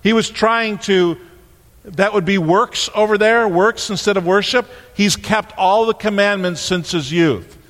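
A man preaching a sermon as a pastor, telling stories with lively acted-out voices. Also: high voice, a little slow. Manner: animated storytelling, acting out voices. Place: church sanctuary. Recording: long hall reverb.

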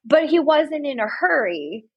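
A woman giving earnest, direct faith-based advice to parents, retelling a story with lively asides. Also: high-pitched, unhurried, dry recording, muffled recording. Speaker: guest speaking to parents.

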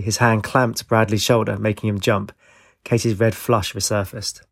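A man narrates an audiobook in a measured, even read. His voice is low and gravelly, recorded dry and close, with no room sound. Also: no echo.

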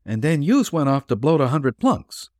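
A man's voice: a little high, big pitch swings, fairly quick, darkish tone, no room sound, clean studio sound, voice pushed up. A man voicing a male detective disguised as a slangy street tough, pressing with questions. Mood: prodding.

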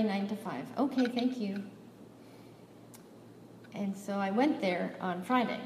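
A woman's voice: medium pitch, slow pace, a little mellow, slight background noise. A woman preaching a sermon, telling a personal story and acting out the dialogue, rising to emphatic peaks. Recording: echoey hall, voice from far off, faint ambience.

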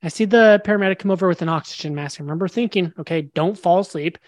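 A man's voice: sits high, fast talker, no echo. Young guy telling his story, acts out the lines, dry mic. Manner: animated, acts out quoted dialogue. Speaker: podcast guest. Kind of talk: storytelling in a casual interview.

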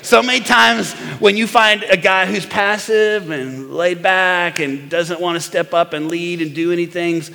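Bright-voiced preacher in a reverberant hall. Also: male voice, sits high, a little slow, gravelly, few pauses. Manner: animated preaching, prompting the crowd for amens. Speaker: pastor. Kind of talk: sermon.

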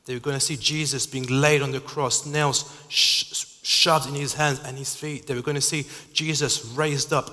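A man gives a sermon in an earnest, halting way. He often restarts his phrases. His voice is bright and forceful, and a long hall reverb trails behind it. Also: mid-range voice. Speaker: preacher.

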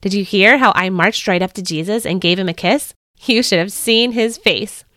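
A woman's voice: mid-range voice, moderate pace, a bit bright, no echo, close to an everyday voice. A woman reading a guilt-stricken male disciple. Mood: nervous boasting. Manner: pleading, blurting, close to tears. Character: remorseful male disciple, young adult, panicked and guilt-stricken. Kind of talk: storybook reading.

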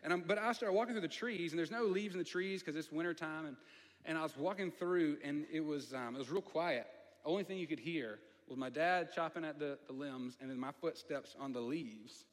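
A man's voice: a little high, fairly quick. A man with a Southern accent, preaching a storytelling sermon in a conversational way, with asides to the audience. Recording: long hall reverb.

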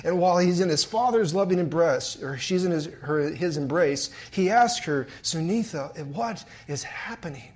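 A man preaching and telling a story in a large hall, dropping to hushed murmurs and swelling forcefully. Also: fairly high pitch, expressive, moderate pace, few pauses. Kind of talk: sermon storytelling.

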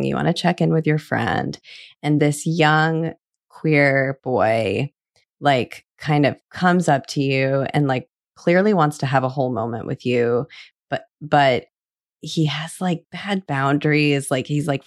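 A woman's voice: sits low, vocal fry, no room sound, studio quality. A woman hosting a podcast, casually laying out detailed hypothetical scenarios with lots of "like" fillers. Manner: spins vivid hypothetical scenarios, heavy on "like". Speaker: podcast host. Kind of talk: casual chat.

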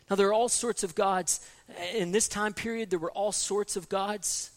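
A man preaching a sermon, repeating key phrases and swinging from soft, low passages to loud, emphatic ones. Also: fairly even intonation, normal speed.

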